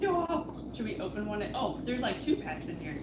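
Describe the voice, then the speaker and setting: A chatty, excitable woman co-hosting a casual chat while opening fan mail. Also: medium pitch, moderate pace, reverberant, recorded from a distance, heavy background noise. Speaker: co-host.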